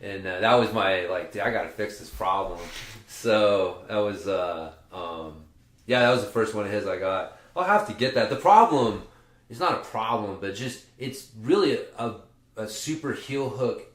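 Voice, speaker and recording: A man's voice: on the low side, lively intonation, moderate pace, echoey room. A man hosting a casual podcast, talking at length in a rambling, profane way with many restarts. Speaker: podcast host and jiu-jitsu coach. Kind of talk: casual chat.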